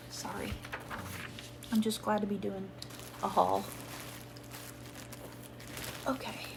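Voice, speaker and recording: A woman chatting casually to her viewers at home while sick, hoarse and coughing, rambling and apologetic. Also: mid-range voice, drawn-out words, pauses often, noisy background. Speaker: haul vlogger. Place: at home, sitting.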